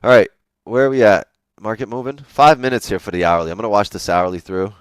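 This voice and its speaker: A man's voice: lowish voice, fast, clear, resonant tone, dry recording, studio quality. A man hosting a live trading stream, chatting casually while he reads the charts, laid-back and joking. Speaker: trading livestream host.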